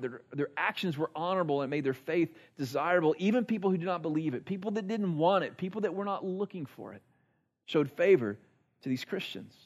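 A man preaching at a church service, with a voice pitched a little higher than most men's. He talks in an earnest, conversational way and stacks repeated phrases to build his point. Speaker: pastor. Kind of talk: sermon.

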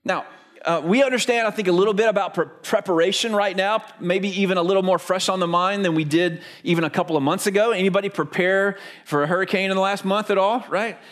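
A man's voice: sits high, fairly even intonation, fast talker, fairly bright tone. A man in his forties from Florida, preaching a sermon in a chatty, storytelling way and asking the congregation questions. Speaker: pastor.

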